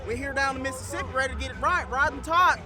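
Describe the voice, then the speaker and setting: Very high-voiced hyped-up young man. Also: fast, a crowd in the background. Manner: loud, slangy, boisterous hype talk. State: cold at the field. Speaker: college football player. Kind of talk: hyped-up joking to camera. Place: outdoor football field.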